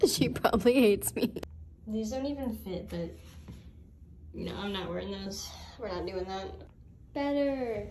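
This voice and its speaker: A woman's voice: mid-range voice, a little slow, long pauses, dark tone, a little hiss or hum. A young woman vlogging in a casual, giggly, rambling way, full of fillers, filmed on a handheld camera at home and out on a night walk. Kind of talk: casual vlog chat.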